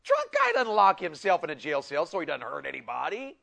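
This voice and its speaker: A middle-aged man preaching a sermon to men, swinging between loud and soft and acting out voices. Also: on the high side, wildly swooping pitch, brisk, gravelly.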